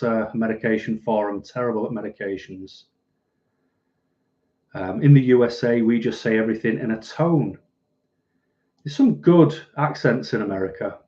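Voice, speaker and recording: Male streamer, chatty and relaxed, warm low-key tone, muffled home-mic audio. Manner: chatty and rambling, laughs easily. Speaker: livestream host reading viewer comments. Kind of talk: casual live chat. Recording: dull lo-fi recording.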